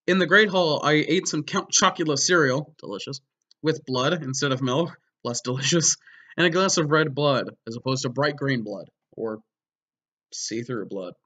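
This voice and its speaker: A man giving a mock-dramatic reading of a story, breaking off for wry, deadpan sarcastic asides. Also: medium pitch, moderate pace. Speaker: comedic reader.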